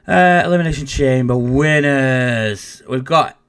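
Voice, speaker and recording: A man's voice: mid-range voice, measured pace, a bit bright, clear, resonant tone. A man co-hosting a casual wrestling podcast, reading out lists and joking, swearing now and then. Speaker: podcast co-host.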